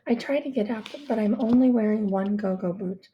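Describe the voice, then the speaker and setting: A woman reading a first-person story in a hushed, intimate way. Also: mid-range voice, brisk, dull audio, a little hiss or hum. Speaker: audiobook reader.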